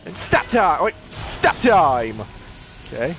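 A man casually commenting on his own gameplay, excitable, exclaiming and playfully taunting enemies into a desk mic. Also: high voice, unhurried, faint music behind. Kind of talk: casual let's-play commentary. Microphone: personal desk mic.

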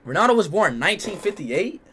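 A young man streaming live, reacting loudly with slangy outbursts while playing a quiz. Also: high voice, brisk, slightly rough. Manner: excitable, shouting, slangy outbursts. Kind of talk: loud reactive livestream commentary.

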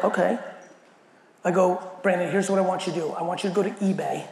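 A man gives an animated, profane keynote on stage, with a high, gravelly voice. His voice carries a long hall echo over faint background noise. He acts out every quoted line as he tells his story. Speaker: keynote speaker. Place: large event hall.

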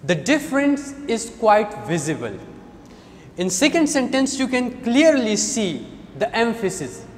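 A man gives a grammar lesson at an unhurried pace, his voice lively and rising and falling as he repeats each point. He often pauses to check that his listeners follow. The sound carries a long hall reverb. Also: extremely high pitch, a little hiss or hum. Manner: slow and deliberate, repeating key phrases and checking with "Understand?". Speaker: teacher.

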